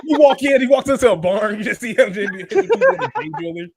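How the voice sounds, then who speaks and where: A man's voice: extremely high pitch, very animated, quick pace, slight background noise. A man co-hosting a casual podcast, riffing playfully and laughing often. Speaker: podcast co-host. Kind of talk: casual watch-party chat.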